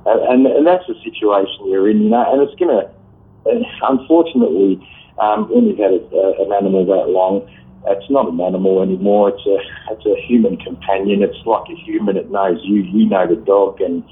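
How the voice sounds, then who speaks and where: A man in his fifties calling in, giving frank, blunt advice with many halting fillers. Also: lowish voice. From Australia. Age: 50s. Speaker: caller. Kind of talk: call-in advice. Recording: tinny phone line.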